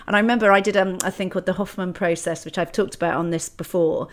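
Candid woman, lowish voice. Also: fairly even intonation, quick pace. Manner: candid, reflective, many restarts. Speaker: podcast host. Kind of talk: casual conversation.

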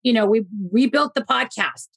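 High-voiced excitable woman podcast host. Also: moderate pace, creaky, slightly rough. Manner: excitable, gushing, interrupts. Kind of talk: casual podcast chat. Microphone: video call.

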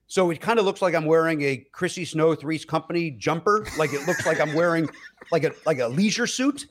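Male comedian guest, slightly high pitch, animated storyteller, lots of fillers and restarts. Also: a little fast, noisy background. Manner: animated storyteller, loud acted-out quotes, frequent laughs. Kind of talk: casual podcast storytelling.

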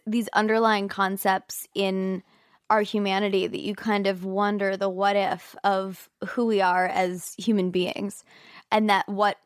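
This is a woman of middle pitch, a guest actor on a podcast, who talks things through thoughtfully and at length. Her voice is recorded dry and close. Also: no room sound. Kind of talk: casual chat.

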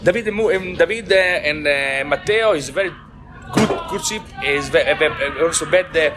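An Italian man with a somewhat high voice giving a post-race interview in broken English. He keeps restarting his phrases and slips into Italian, with a lot of laughter between them. Music plays clearly in the background. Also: moderate pace. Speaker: team manager.

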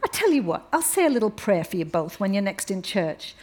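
A pompous older small-town pastor, read aloud by a woman. He speaks stiffly and preachily, sounding sure of his own authority. Each line comes out measured and a little smug. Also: medium pitch, sing-song, darkish tone. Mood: preachy. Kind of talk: audiobook reading.

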